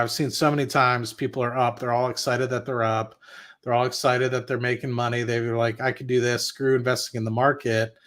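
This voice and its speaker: A man with a middle-pitched voice talks in a loose, rambling way while hosting an investing stream. He is blunt, swears here and there, and often restarts his sentences as he answers viewer chat. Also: a bit bright. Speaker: investing channel host. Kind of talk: casual livestream talk reading viewer chat.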